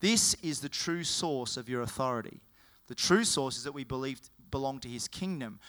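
A man preaching a sermon, retelling stories in a casual, lively way and acting out what people said. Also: medium pitch, normal speed. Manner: storytelling with acted-out quotes.

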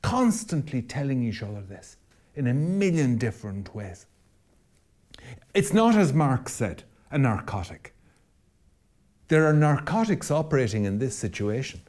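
Man, catholic priest on a podcast, preacherly rhetoric, voice swooping up and down, mellow warm tone. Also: medium pitch, big pitch swings, measured pace, pauses often. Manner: rhetorical, preacherly, repeats phrases for emphasis. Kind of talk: impassioned podcast argument.

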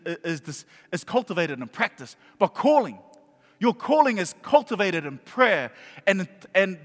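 A man preaching a sermon as pastor, animated and joking, with sudden shouts and quiet drops. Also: high-pitched, long reverb tail. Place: church hall.

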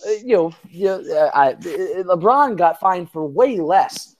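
A man's voice: high-pitched, expressive, unhurried. Rambling, profane man talking basketball. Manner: rambling, profane, many fillers and restarts. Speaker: podcast co-host. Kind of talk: casual sports chat.

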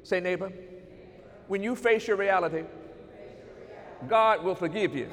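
A man preaching a sermon, speaking straight to the congregation and swinging between loud emphasis and soft asides. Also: high voice, a little slow, pauses often. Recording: long hall reverb.

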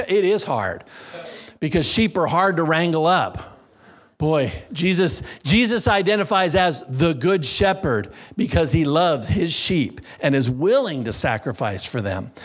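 A middle-aged man preaching a sermon, slowing down and stressing each phrase of the scripture he quotes. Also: fairly high pitch.

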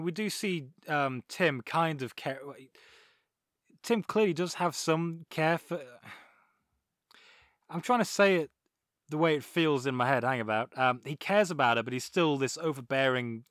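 A man, co-hosting a casual podcast and talking through a film with animated, mocking asides. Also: a little high, no room sound, clean studio sound. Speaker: podcast co-host.

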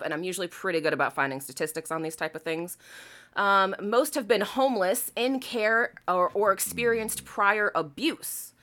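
A woman's voice: mid-range voice, sharp tone. A woman co-hosting a casual chat, reading quotes aloud and mocking them with sarcastic, laughing, incredulous asides. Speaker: podcast co-host.

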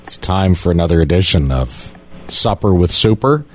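A man's voice: deep voice, sing-song, moderate pace. A man hosting a morning radio show, joking in a wry, self-deprecating way. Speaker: radio host.

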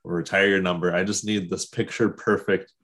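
A man with a very deep voice co-hosts a laid-back sports podcast. He talks like an eager fan, with plenty of fillers as he goes. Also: moderate pace. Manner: excitable fan talk, many fillers. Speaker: podcast co-host. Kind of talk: casual sports chat.

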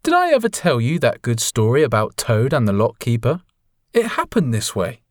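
A man's voice: mid-range voice, huge pitch swings, normal speed, no echo, studio quality. A man voicing an amused male otter in a storybook reading, chuckling as he talks. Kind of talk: storybook voice acting.

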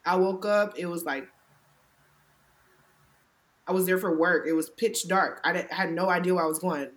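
An American woman in her thirties from Cleveland, hosting a casual podcast chat as an animated, emphatic storyteller who laughs often. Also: fairly low pitch, normal speed, poor audio. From Cleveland, USA. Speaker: podcast host.

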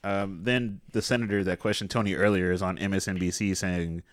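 A man's voice: deep voice, steady tone, a little fast, no room sound, clean studio sound. A man in a casual, wry chat, recapping a movie plot with a friend.

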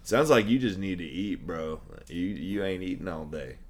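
A man's voice: deep voice, animated, normal speed. A young man hosting a casual chat, laid-back and jokey, laughing along easily. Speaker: podcast host.

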